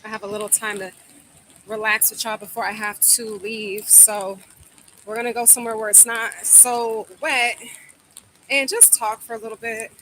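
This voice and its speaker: A woman's voice: a little high, flat delivery, moderate pace, bright, forceful tone, slight background noise. A woman chatting casually with viewers on a live stream, walking in from the rain and then talking at home, a bit out of breath. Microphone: phone camera.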